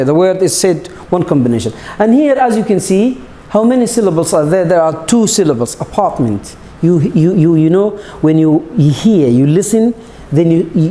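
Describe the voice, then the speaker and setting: A male English teacher whose first language is Arabic talks his students through a textbook lesson, stumbling and repeating himself as he goes. His voice sits fairly high but sounds mellow, and the room around him rings with echo. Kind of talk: recorded classroom lesson.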